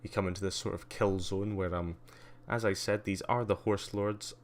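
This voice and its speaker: Deep-voiced, rambling male livestreamer. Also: steady tone, moderate pace. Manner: rambling, many ums and uhs, wry asides. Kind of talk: casual live-stream commentary giving a tour.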